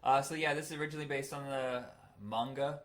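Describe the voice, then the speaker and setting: Quick-talking man musing aloud. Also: mid-range voice, fairly even intonation, crowd noise. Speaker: podcast co-host. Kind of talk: casual chat.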